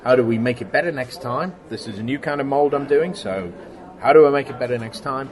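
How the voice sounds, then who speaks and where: Animated middle-aged man telling work stories. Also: mid-range voice, brisk. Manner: animated storyteller, acts out quoted exchanges, laughs often. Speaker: guest, special effects workshop owner. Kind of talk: casual interview conversation.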